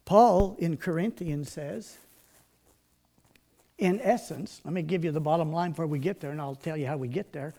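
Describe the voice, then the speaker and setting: A man preaching a sermon in a folksy storytelling way, dropping quiet and then building loud. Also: on the high side, moderate pace, echoey room.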